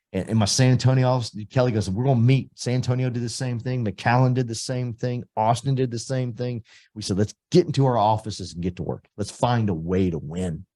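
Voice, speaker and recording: A middle-aged man from Texas, giving an emphatic motivational recruiting speech that swings between loud punches and soft asides. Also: fairly low pitch. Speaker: real estate company leader.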